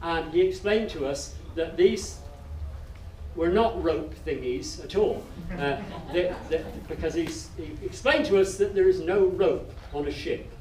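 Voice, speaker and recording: A man with a fairly high voice tells a comic story on stage, rambling and amused at himself, often restarting his sentences. He sounds distant in a roomy live space. Audible ambient noise sits around him. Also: unhurried, a little mellow. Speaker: folk singer and storyteller. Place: live music festival stage.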